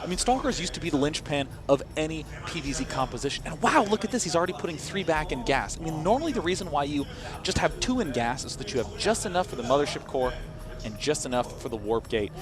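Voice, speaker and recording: A man's voice: fairly high pitch, sing-song, fast talker, music in the background. An American man casting a live strategy game match, analytical and fond of teasing banter. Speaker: esports commentator.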